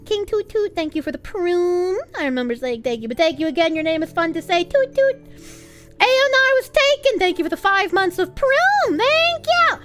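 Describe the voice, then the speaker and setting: A woman's voice: extremely high pitch, sing-song, fairly quick, hardly any pauses. A woman livestreamer chatting casually and thanking viewers for donations, crude and joking, swearing freely. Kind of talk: casual stream chat, reading out donations.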